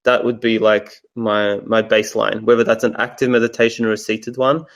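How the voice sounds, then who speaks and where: A man with an Australian accent, a coach speaking as an interview guest, calm and thoughtful with soft pauses. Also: lowish voice. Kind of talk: reflective interview answers.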